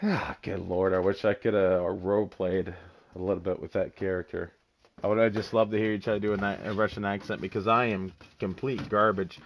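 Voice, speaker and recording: A man hosting a casual podcast chat, excitable and teasing, swearing freely. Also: sits low, brisk. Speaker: podcast host. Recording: dull lo-fi voice chat.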